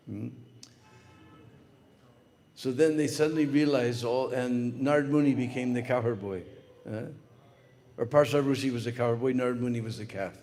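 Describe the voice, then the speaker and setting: A spiritual speaker delivers a lecture, telling a story in an animated way full of "uh" fillers. His mid-range voice moves at a measured pace with long pauses, and the recording carries long hall reverb.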